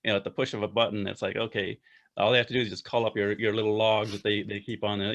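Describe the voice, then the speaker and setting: A man's voice: fairly low pitch, flat delivery, fast, fairly bright tone, dull audio. Chatty male podcast guest. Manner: chatty, acts out little exchanges. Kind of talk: casual chat.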